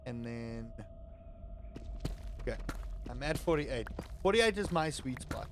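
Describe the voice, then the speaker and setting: A man streaming a game, chatting casually and playfully with his viewers, sometimes bursting into loud, excited hype. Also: fairly high pitch, measured pace, long pauses, slight background noise. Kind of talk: casual live-stream chat.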